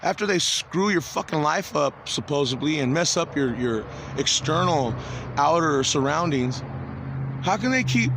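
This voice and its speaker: High-voiced, agitated, profane man rambling. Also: expressive, creaky, background noise. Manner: agitated, profane, halting with many restarts. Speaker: vlogger. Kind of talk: rambling confessional video monologue.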